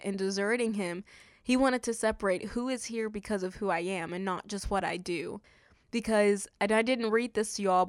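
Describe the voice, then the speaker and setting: A woman's voice: medium pitch, clear, resonant tone, no room sound, clean studio sound. A woman hosting a casual Bible study podcast, talking conversationally and acting out quotes. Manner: conversational, animated, acts out quotes with "he's like". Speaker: podcast host.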